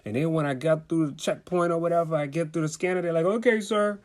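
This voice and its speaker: A young man from Washington, D.C., telling a comic story casually and acting out the other people's voices. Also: quick pace. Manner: animated, acts out voices with high squeals.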